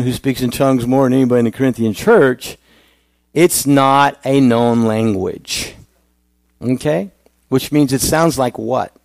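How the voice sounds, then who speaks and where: A man's voice: medium pitch, darkish tone, no echo. A male pastor giving a conversational sermon, asking the congregation questions.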